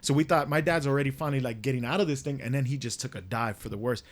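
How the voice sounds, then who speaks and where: A man's voice: medium pitch, rapid-fire. A young man co-hosting a podcast, telling a family story in casual chat, cursing freely and acting out what people said. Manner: swears freely, relives scenes in quoted dialogue. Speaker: podcast co-host.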